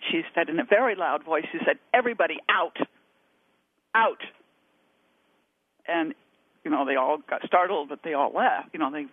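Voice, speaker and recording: A woman's voice: deep voice, no echo. A woman guest on a call-in radio show, talking earnestly about dementia care, laughing easily and restarting her sentences. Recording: tinny phone-like line.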